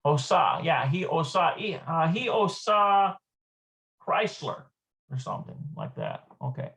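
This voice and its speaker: A Hebrew teacher giving a live online lesson, thinking aloud, hesitant and repeating words slowly. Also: mid-range voice, animated, creaky, a bit bright.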